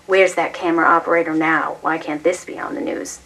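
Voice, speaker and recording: A woman reading the lines of a proud, authoritative father who speaks gravely. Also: on the high side, little pitch movement, a little fast, pushed and bright, rough recording. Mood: bitter.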